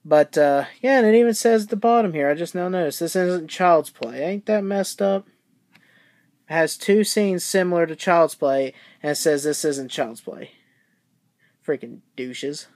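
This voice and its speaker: A vlogger giving a casual, rambling movie review in plain, informal words, often pausing on "but, uh". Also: mid-range voice, darkish tone. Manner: rambling, with frequent "but, uh" fillers; plain-spoken, informal grammar.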